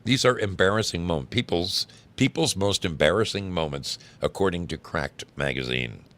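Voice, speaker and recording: A man's voice: low voice, lively intonation, normal speed, fairly bright tone. A man hosting a show from home, reading embarrassing stories aloud with wry, amused asides. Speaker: podcast host.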